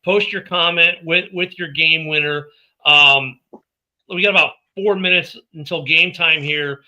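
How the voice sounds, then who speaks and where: A man hosting a sports podcast in a loose, joking way. His voice is very bright and sits a little high. He keeps things upbeat while plugging the show. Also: fairly even intonation, measured pace, low-quality recording. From Minnesota. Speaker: podcast host. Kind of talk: casual sports chat.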